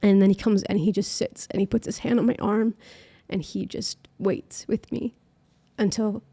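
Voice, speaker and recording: A woman's voice: mid-range voice, steady tone, normal speed, mellow, breathy edge. Young woman telling a personal story. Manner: chatty, heavy use of filler "like". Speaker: podcast guest.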